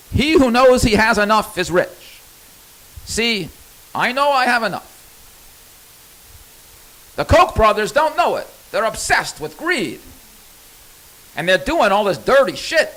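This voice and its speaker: A man's voice: very high-pitched, sing-song, unhurried, pauses often, a bit bright, low-quality recording. A man telling a personal story in a candid, rambling monologue, cursing freely.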